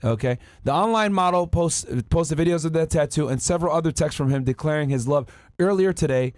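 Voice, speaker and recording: A man's voice: on the high side, brisk, a little mellow, no echo, studio quality. A man hosting a podcast in casual commentary, crude and mocking as he reads out news and messages. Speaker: podcast host.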